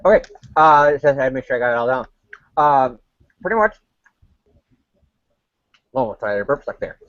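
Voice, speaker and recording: A man in a casual fan discussion, talking in a relaxed, offhand way. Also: medium pitch, moderate pace, no room sound. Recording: dull lo-fi audio.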